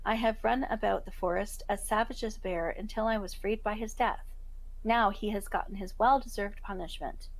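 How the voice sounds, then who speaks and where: A woman's voice: medium pitch, normal speed, close to an everyday voice, rough recording. A woman voicing a young prince, once a bear, who calls out firmly. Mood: proud. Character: young prince freed from a bear's shape, commanding.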